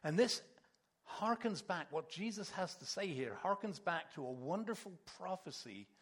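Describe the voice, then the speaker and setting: A man's voice: high-pitched, sing-song, normal speed, fairly bright tone, husky. A middle-aged man preaching a conversational sermon, acting out quoted voices as he goes. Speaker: pastor.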